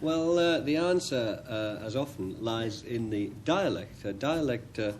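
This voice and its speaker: A man on a panel game explaining a bluff in a measured, hesitant way, with many pauses. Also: medium pitch, lively intonation, slight background noise.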